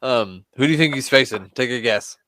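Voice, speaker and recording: A man's voice: mid-range voice, fairly quick, fairly bright tone, no room sound. A man from the Midwest co-hosting a wrestling podcast, joking and swearing as he chats, laughing often. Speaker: podcast co-host. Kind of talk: casual wrestling chat.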